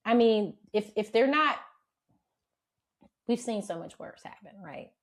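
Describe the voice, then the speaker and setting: A woman's voice: a little high, expressive, measured pace. A woman in her thirties co-hosting a podcast, chatting casually, laughing often and swearing freely. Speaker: podcast co-host. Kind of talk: casual chat.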